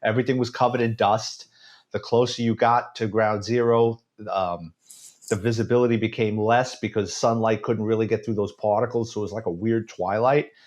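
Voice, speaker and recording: A man's voice: on the low side, normal speed. Sarcastic New York man telling stories. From United States. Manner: sarcastic, animated storyteller. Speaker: retired police detective, guest. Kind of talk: casual storytelling interview.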